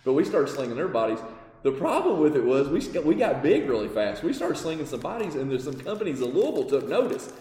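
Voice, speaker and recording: Animated male podcast guest telling stories. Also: on the high side, fast talker. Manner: animated storyteller, acts out dialogue, laughs often. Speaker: guest, parts company owner. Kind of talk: casual storytelling in a podcast interview. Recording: roomy with long reverb.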